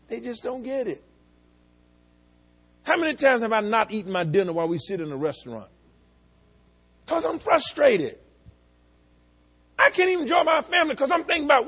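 Husky, animated preaching pastor. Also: male voice. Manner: preaching, swings between low asides and shouted climaxes; folksy storytelling, talks to the congregation directly. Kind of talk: sermon.

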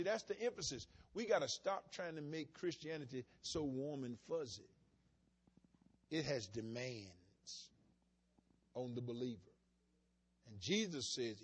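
A man's voice: on the high side, husky. A male pastor preaching a sermon in a folksy, emphatic way, mixing plain storytelling with bursts of insistence.

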